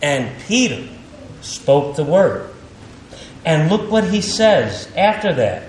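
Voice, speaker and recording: A man preaching a sermon, teaching through a Bible passage with emphatic, animated delivery and dramatic pauses. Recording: echoey room with faint rumble.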